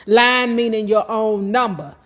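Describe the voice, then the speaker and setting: A woman's voice: a little high, steady tone, a little slow, a bit bright. A woman reading a memoir aloud to her viewers. She breaks off into chatty, slangy, profane asides. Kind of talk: reading aloud with casual commentary.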